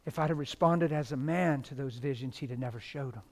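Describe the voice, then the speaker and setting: A middle-aged man preaching a testimony sermon, swinging from loud shouted stretches to hushed, near-whispered ones. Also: medium pitch, fairly quick.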